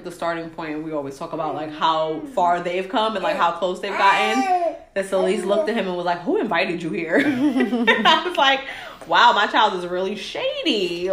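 This woman in her thirties, appearing as a podcast guest, casually talks through her love story with frequent laughter and acted-out quotes, her telling full of emotion. The voice is on the low side and a bit bright, with reverb in the recording.

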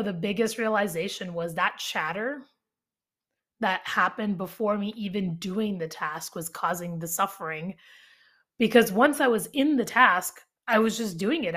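A young adult woman and life coach talking casually on her solo podcast, chatty and animated, full of fillers and acted-out quotes. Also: medium pitch, moderate pace.

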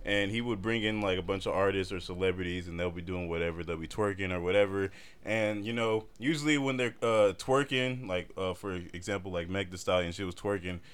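A man co-hosting a casual podcast, telling stories in a relaxed, loose way. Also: sits low, brisk, clear, resonant tone. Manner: relaxed, loose storytelling with fillers. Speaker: podcast co-host. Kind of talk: casual chat.

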